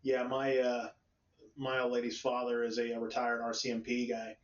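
A man's voice: medium pitch, monotone, moderate pace. A man in casual chat from the United States, a rambling storyteller who swears freely and laughs often. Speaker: conversation partner. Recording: distant roomy lo-fi audio.

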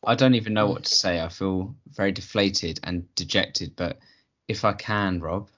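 A man on a comedy podcast, hesitant and sheepish, pitching his case. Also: moderate pace, fairly bright tone. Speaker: podcast co-host. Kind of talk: comic podcast banter. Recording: slightly dull lo-fi.

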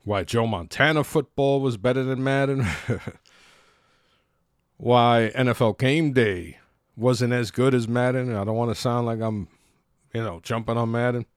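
A man's voice: medium pitch, fairly even intonation, a little slow, dry recording. Blunt ranting man, dry close sound. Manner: blunt, profane, exasperated. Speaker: podcaster. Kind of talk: ranting monologue.

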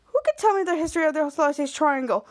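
A woman voicing a stern, pompous male substitute teacher who gives slow, bossy classroom commands. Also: high voice, lightly acted.

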